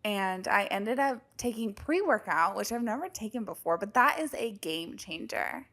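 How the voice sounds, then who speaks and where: A young woman co-hosting a podcast, chatting casually and telling animated stories, with casual swearing. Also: mid-range voice, moderate pace. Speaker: podcast co-host. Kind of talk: casual chat.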